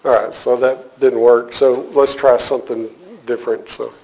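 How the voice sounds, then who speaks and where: A man's voice: medium pitch, level tone, normal speed, warm tone, muffled recording. A man teaching a church group in a casual, joking way, then turning earnest as he explains a point. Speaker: teacher leading a church class. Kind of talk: casual sermon to a live group.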